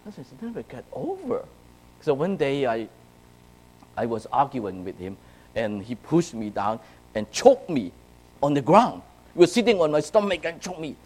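Man from China, youth sermon, animated storyteller, hushed then loud, asks "right?" often. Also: mid-range voice, normal speed, pauses often, poor audio. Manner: checks in with "right?" and "okay?". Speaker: youth speaker. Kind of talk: sermon to young people.

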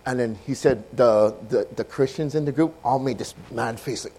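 A man preaching a sermon, telling a story with animated swings up to loud, passionate peaks. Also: on the low side, a little fast, slightly rough, poor audio.

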